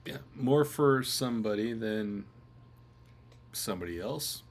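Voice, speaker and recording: A man's voice: on the low side, animated. Hiccuping man co-hosting a casual chat. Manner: halting, apologetic, restarts often. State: has the hiccups. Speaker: co-host.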